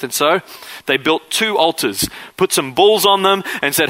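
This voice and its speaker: Man, pastor, casual sermon, bright tone, slightly high voice, acts out the characters. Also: moderate pace, rough recording. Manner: conversational preaching, acts out quoted figures.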